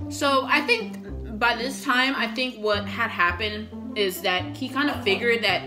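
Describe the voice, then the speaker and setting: A young woman vlogger telling a storytime while eating, animated, swearing often and acting out the messages she got. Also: medium pitch, measured pace, music in the background.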